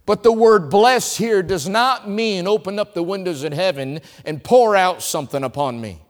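A Southern-accented male evangelist preaching in a high, lively voice that rises and falls across a wide range. He tells stories in his sermon and swings between loud lines and hushed ones. His voice carries a long hall reverb. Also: normal speed. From North Carolina, USA.

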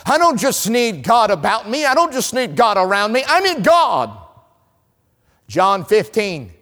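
Southern guy preaching a sermon, slow and drawn out, big hall echo on him. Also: sits high, wildly swooping pitch. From North Carolina, USA. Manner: storytelling, swings between loud and hushed. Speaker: evangelist.

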